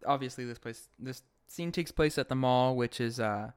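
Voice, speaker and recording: A man co-hosting a casual recap podcast, relaxed and wry, laughing often. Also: mid-range voice, moderate pace, smooth. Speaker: podcast co-host.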